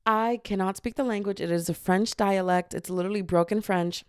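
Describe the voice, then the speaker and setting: A young woman hosting her own show, telling a funny travel story in a casual, animated way with quick asides and laughter. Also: mid-range voice, clean tone, no room sound, studio quality. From family from Dominica. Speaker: podcast host.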